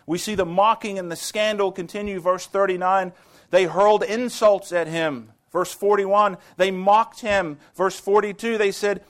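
A man preaching a sermon with a fairly high voice. He talks slowly and deliberately, with dramatic swings between loud declarations and near-hushed lines. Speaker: pastor.

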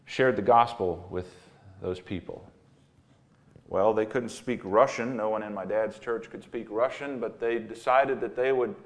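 A male pastor preaching a sermon, telling a personal story earnestly and repeating words for emphasis. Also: medium pitch.

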